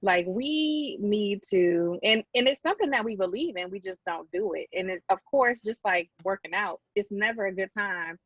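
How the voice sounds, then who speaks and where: Woman, podcast co-host, animated storytelling, dry close sound. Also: mid-range voice, normal speed, hardly any pauses, husky, no echo, lo-fi sound. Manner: animated storytelling with frequent laughs. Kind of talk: casual chat.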